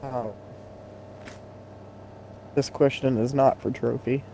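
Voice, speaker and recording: A man's voice: mid-range voice, steady tone, slow, vocal fry, warm tone, a little hiss or hum. A man chatting sarcastically while playing a game with a friend, swearing at the game. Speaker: gaming co-player.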